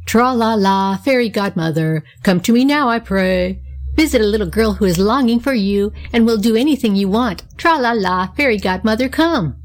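A woman voicing an eager, excitable little girl in a storybook reading, talking breathlessly. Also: on the high side, moderate pace. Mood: excited.

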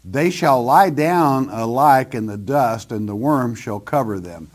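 An older man teaching a sermon verse by verse, reading scripture and then explaining it in plain, deliberate words. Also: mid-range voice. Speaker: preacher.

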